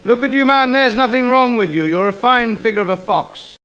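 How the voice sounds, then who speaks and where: A man voicing a pompous, self-pitying suburban gent who is quick to get indignant, in an AI-voiced comedy sketch. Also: very high-pitched, steady tone, fairly bright tone, muffled recording. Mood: exasperated.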